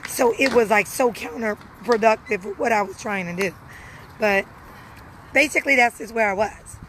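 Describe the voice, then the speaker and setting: A woman's voice: fairly high pitch, moderate pace, fairly bright tone, a little hiss or hum, rough recording. Earnest woman talking straight to viewers. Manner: earnest, repeats phrases for emphasis. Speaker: live streamer answering viewers. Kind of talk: casual personal talk.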